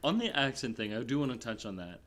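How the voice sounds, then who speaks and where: Guy rambling about a movie on a podcast, lots of "like", mid-pitched, gets animated now and then. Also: quick pace. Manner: rambling, heavy filler "like", animated bursts. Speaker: podcast co-host. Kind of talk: casual film review chat.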